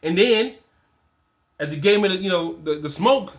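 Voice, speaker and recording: A high-pitched, animated man in his forties speaks at a normal speed. He's a fatherhood and men's coach giving a casual, emphatic motivational talk to other men, repeating his points and using slang.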